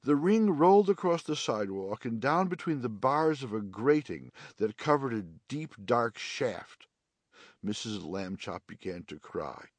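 Male audiobook narrator, expressive children's reading, dry booth sound. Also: mid-range voice, unhurried, no echo.

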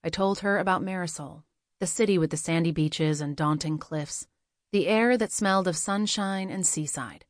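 Woman, audiobook narrator, first-person narration, steady and measured, lowish pitch, dry close recording. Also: dry recording.

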